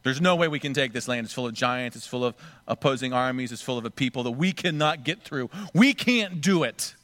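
A man's voice: mid-range voice, expressive, brisk, fairly bright tone, no room sound. A man preaching a sermon, acting out the scripture voices dramatically. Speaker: pastor.

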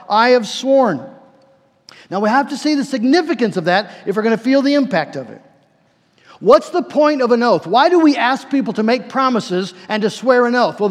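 A man preacher delivering a sermon, emphatic, repeating words and slowing down for key phrases. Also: extremely high pitch. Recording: long hall reverb.

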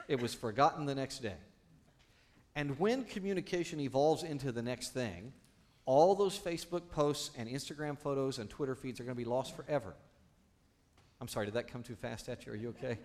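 Man, pastor, sermon, playful asides, slightly higher voice. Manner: animated, playful asides to the congregation.

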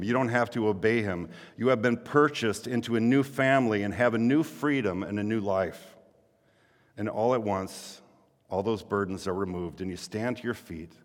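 A man's voice: fairly low pitch, in a large hall. A male pastor preaching a sermon earnestly, building to emphatic exhortations.

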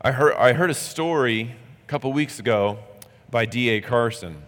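A man's voice: mid-range voice, normal speed, a bit bright, long reverb tail. A male pastor preaching a sermon in a conversational, earnest way.

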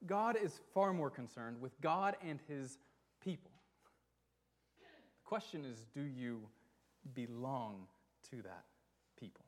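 A pastor delivering a sermon to his church, earnest and emphatic, slowing on key words and asking rhetorical questions. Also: fairly high pitch.

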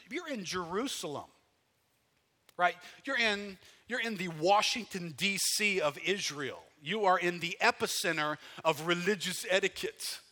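A pastor preaching a folksy, conversational sermon, full of rhetorical questions and loud bursts of emphasis. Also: male voice, sits high. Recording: long hall reverb.

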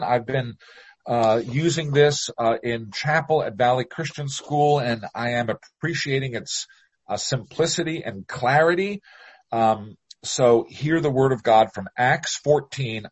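A pastor reading a Bible passage aloud in a measured, deliberate way, then leading a prayer. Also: male voice, on the high side, husky.

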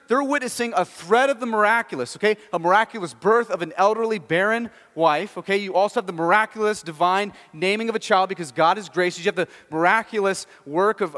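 A male pastor delivers a sermon in a slightly high voice, telling a story with rhetorical questions. He stresses key words and keeps the delivery animated. A long hall reverb hangs behind him.

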